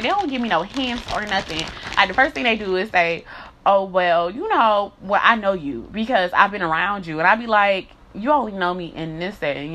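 A woman with a mid-range voice, pushed and bright, speaks bluntly in a candid monologue. She swears often and repeats herself, building up into heated rants.

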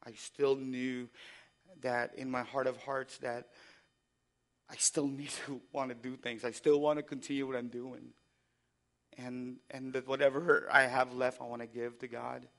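A man preaching a sermon, moving between quiet, reflective passages and loud, impassioned exhortation, often asking the congregation to respond. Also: mid-range voice, little pitch movement, unhurried, creaky. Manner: asks the congregation for call-and-response. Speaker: pastor.

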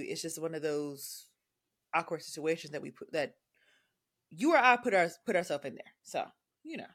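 Woman, podcast co-host, lively swooping pitch, animated storyteller. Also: normal speed. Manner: animated, acting out quotes. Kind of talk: casual chat.

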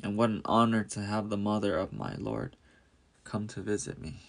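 A man's voice: on the low side, animated, moderate pace, gravelly. Elizabeth, an overjoyed older woman, as a man reads her.

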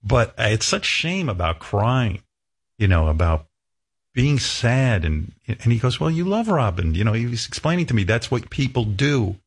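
A man's voice: mid-range voice, very animated, normal speed, slightly rough. A man in his sixties, a radio host, talking candidly and emotionally, rambling with many restarts. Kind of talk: candid talk-show conversation.

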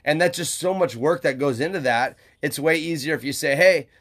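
A man's voice: on the high side, fairly quick, a bit bright. A man co-hosting a podcast in a laid-back, joking chat, full of dude and bro. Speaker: podcast co-host. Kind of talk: casual chat.

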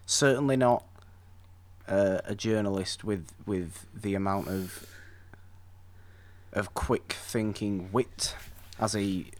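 A man with a fairly low voice talks casually about an old film. He rambles with enthusiasm and trips over his own restarts as he builds a point. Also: fairly even intonation, slow, long pauses.

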